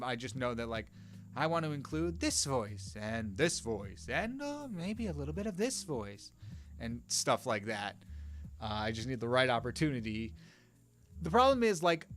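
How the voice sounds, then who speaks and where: A man's voice: mid-range voice, a bit bright. Young man chatting casually while drawing. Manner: rambling, self-interrupting, chats to viewers by name. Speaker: streamer drawing with live chat. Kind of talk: casual live-stream chat.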